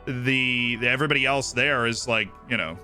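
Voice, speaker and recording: A man's voice: mid-range voice, normal speed, bright, forceful tone, soft background music. An American man from Florida, a streamer rambling in casual chat while playing a football management game, full of asides and "right?" tags. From Tampa, Florida.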